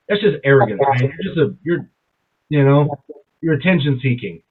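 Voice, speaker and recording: A man's voice: on the high side, lively intonation, brisk. A man co-hosting a casual podcast chat, rambling and swearing with enthusiasm. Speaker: podcast co-host. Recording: tinny phone-like sound.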